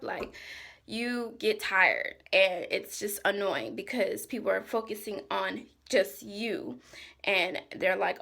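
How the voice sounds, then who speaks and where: A woman's voice: on the high side, normal speed, gravelly, sharp tone. A woman in her twenties venting frankly to camera as a stressed vlogger, exasperated and chatty. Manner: frank, exasperated, lots of "like" and "you know".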